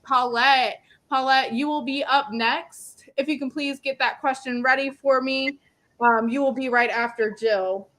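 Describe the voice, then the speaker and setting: A woman's voice: high-pitched, fairly even intonation, a little slow, fairly bright tone. A woman doing psychic card readings on a live stream, chatty and full of ums, calling viewers "my love".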